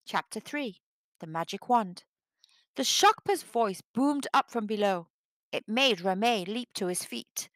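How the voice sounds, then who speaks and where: A woman reading a children's picture book aloud, with expressive storytelling. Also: mid-range voice, unhurried, no echo. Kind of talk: children's read-aloud narration.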